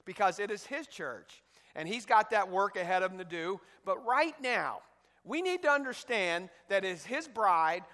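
A man's voice: sits high, bright, forceful tone, long reverb tail. A male pastor preaching a sermon, emphatic, reading scripture aloud between points, with an occasional cough. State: coughing now and then.

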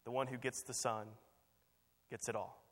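A man's voice: mid-range voice, little pitch movement, normal speed, a bit bright, natural voice. A man voicing a formal, firm male auctioneer, calling out bids in a story told during a sermon. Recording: long reverb.

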